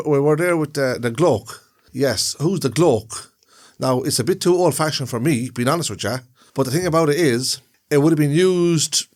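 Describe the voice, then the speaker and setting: A man co-hosting a podcast in casual chat, explaining things at length with long rambling examples. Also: medium pitch. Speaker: podcast co-host.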